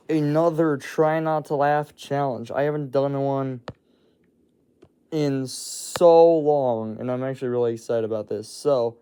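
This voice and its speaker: A man's voice: medium pitch, mellow, clear, resonant tone. A young man casually opening his video as host, rambling and tripping over his words.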